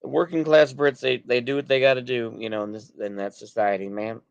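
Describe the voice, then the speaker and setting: A man's voice: medium pitch, fairly even intonation, fairly quick, vocal fry, clean tone, no echo, dull audio. A man with a Texan accent rambling through a livestream as he reacts to chat, sounding somewhat drunk, with loose restarts and trailing sentences. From United States. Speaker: streamer.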